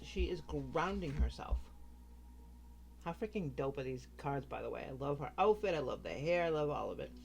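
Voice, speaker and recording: A tarot reader giving a casual card reading straight to the viewer, talking frankly and cursing freely. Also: mid-range voice. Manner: chatty, frank, swears freely, addresses the viewer directly.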